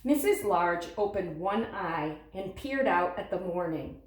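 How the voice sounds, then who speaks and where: A woman's voice: on the low side, lively intonation, a little slow, roomy sound, poor audio. A woman reading a picture book aloud expressively, with asides to her listeners. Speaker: storybook reader.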